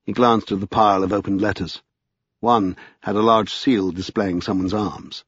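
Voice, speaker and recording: A man narrating an audiobook in a measured, expressive storytelling manner. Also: on the low side, husky, no room sound. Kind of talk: scripted narration. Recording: slightly dull, dry lo-fi.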